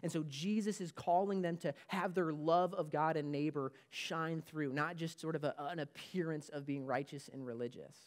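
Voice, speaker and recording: A man's voice: a little high, fairly even intonation, normal speed, hardly any pauses. A man preaching a sermon as pastor of a church, emphatic and repeating his key points.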